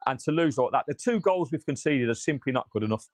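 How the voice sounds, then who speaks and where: A man's voice: medium pitch, lively intonation, fast talker, no room sound. Frustrated sweary man. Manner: reads out viewer comments. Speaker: fan channel host. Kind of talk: live post-match reaction.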